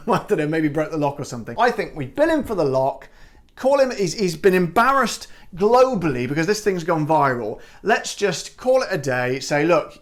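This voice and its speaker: A British man hosting a comic vlog, talking in a chatty, cheeky and mildly sweary way. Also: a little high. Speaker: comedy vlog host.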